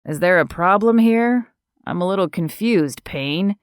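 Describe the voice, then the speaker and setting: A woman voicing a protective former soldier who speaks calmly and firmly. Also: fairly low pitch, a little slow, clear, resonant tone, no room sound, studio quality. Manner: calm, firm, steady.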